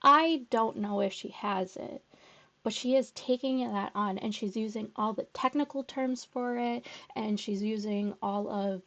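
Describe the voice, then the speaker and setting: A woman's voice: mid-range voice, measured pace, fairly bright tone. A woman giving blunt, sarcastic reaction commentary, swearing freely. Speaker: commentary YouTuber. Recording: dull muffled audio from headphone capture.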